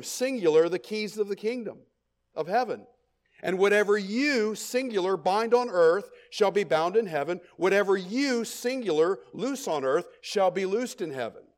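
A middle-aged man preaching a sermon, stressing his points, repeating key phrases and checking in with the congregation. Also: high voice. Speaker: pastor.

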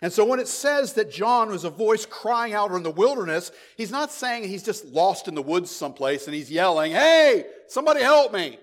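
High-voiced man preaching a sermon. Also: animated, moderate pace, few pauses. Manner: emphatic preaching, repeats phrases, drops to near-quiet asides. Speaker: pastor.

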